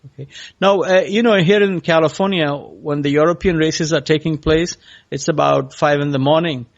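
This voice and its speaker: Halting male podcast host, lo-fi. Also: fairly high pitch, steady tone, gravelly. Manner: halting, asks questions with many pauses. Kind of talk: interviewing a guest. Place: California.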